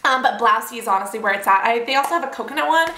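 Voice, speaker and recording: Talking very fast, a beauty vlogger in her twenties goes over her hair products in a bubbly, rambling way. Her voice is a little high, animated, bright and forceful, she leans on fillers and asides, and the home room is roomy and echoey.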